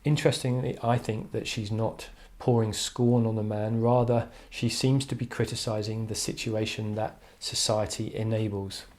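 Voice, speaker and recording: Man, lowish voice, teacher, online poetry lesson, thoughtful, lots of fillers. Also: level tone, normal speed, hardly any pauses, darkish tone. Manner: thoughtful, hesitant with frequent fillers. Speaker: English literature teacher.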